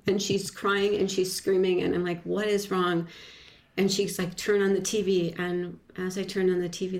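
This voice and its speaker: Woman guest, low voice, halting reflective storyteller, casual interview. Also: vocal fry, darkish tone. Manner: halting, many restarts and fillers, reflective.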